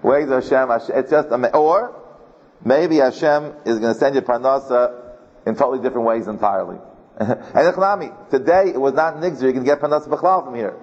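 A man's voice: mid-range voice, lively intonation, fairly quick, a little mellow. A man teaching a Torah class as a rabbi, telling a personal story in a chatty way, often repeating words and chuckling. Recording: dull recording in a reverberant hall.

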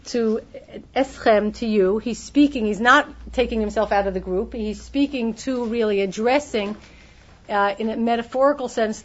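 Woman teaching a torah class, kinda high voice, keeps restarting sentences, muffled lo-fi sound. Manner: explanatory, many restarts, acts out quoted voices. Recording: dull lo-fi recording.

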